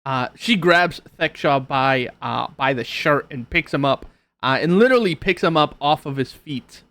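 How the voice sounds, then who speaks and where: A man narrating as game master, hesitant and filling pauses with uh and um. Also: a little high, animated, a bit bright, no echo. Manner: hesitant, lots of uh and um.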